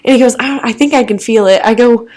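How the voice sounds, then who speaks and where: A woman's voice: on the high side, fast talker, a little mellow. Chatty young woman swearing through a story. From American Midwest. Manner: chatty, laughs often, many "like" fillers, swears freely. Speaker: podcast co-host. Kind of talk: casual chat, storytelling.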